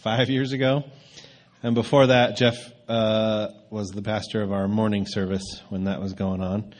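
Low-voiced man introducing a speaker. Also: flat delivery, normal speed. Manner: hesitant, many fillers. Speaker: service leader introducing the speaker. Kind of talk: casual introduction.

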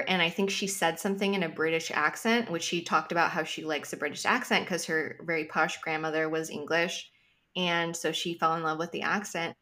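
A woman's voice: on the low side, bright, forceful tone. A woman astrologer talking casually on a podcast, thoughtful and emphatic, with frequent hedging asides. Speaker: astrologer guest.

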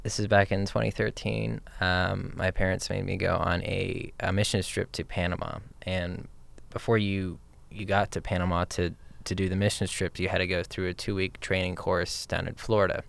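A young man telling a story in a casual chat with his partner, animated and mimicking voices. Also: sits low, moderate pace, creaky, few pauses. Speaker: partner in a couple's conversation.

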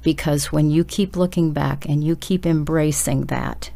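A woman's voice: low voice, steady tone, unhurried, vocal fry, dark tone. A woman preaching a sermon, urging her listeners on with emphatic, direct appeals. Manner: urgent, emphatic exhortation addressed straight to listeners.

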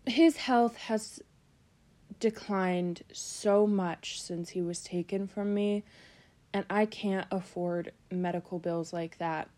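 A woman hosting her podcast in a groggy morning voice, talking slowly and sorrowfully with many pauses and ums. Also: mid-range voice, steady tone, warm tone. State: groggy morning voice, just woken up. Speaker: podcast host. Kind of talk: casual solo podcast talk.

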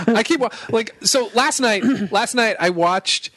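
A man's voice: high-pitched, slow, fairly bright tone, no room sound. A man co-hosting a comedy podcast, rambling through stories in casual chat with lots of "um"s. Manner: rambling, trailing off with "um"s. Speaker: podcast co-host.

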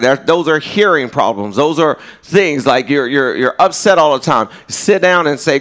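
Pastor guy preaching, earnest, kinda higher voice, stumbles and restarts a lot. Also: lively intonation, moderate pace, few pauses, fairly bright tone. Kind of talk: sermon.

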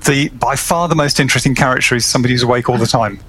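A man's voice: medium pitch, rapid-fire, a bit bright. Guy on a panel, weighing his words, lots of uhs, a bit of hiss behind. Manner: considered, hesitant, many uhs and repeats. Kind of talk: casual panel discussion.

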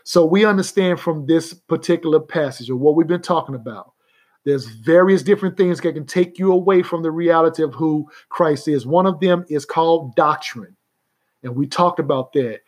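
Male radio preacher, fairly high voice, slow stresses on key words, checks if the audience gets it. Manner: preaching, repeatedly asking the listeners if they get it; reads scripture aloud, slowing down to stress key words. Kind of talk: sermon.

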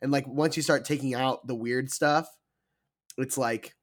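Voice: medium pitch, fairly even intonation, unhurried. A podcast co-host rambling through casual film chat with many fillers.

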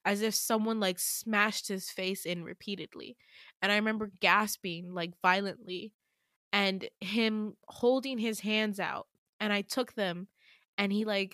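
A young woman hosting a podcast, retelling her dream in casual chat, full of "like" and quick laughs. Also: mid-range voice, a bit bright, no echo, clean studio sound. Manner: chatty, full of "like", laughs often. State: tearful, emotional. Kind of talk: casual storytelling.

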